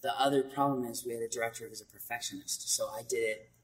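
A man voice actor with a light, high voice, chatting animatedly in an interview and laughing between quick asides. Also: fairly even intonation, long reverb tail, rough recording. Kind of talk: casual interview storytelling.

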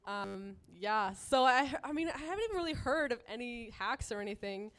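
A woman's voice: on the high side, lively intonation, normal speed, fairly bright tone. A woman guest in a casual group chat who giggles and rambles with fillers.

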